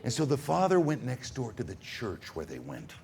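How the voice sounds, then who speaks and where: A man telling stories to children at a school, dramatic and animated, swinging from whispers to booms. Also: moderate pace, gravelly, a little hiss or hum. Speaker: storyteller. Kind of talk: storytelling to children.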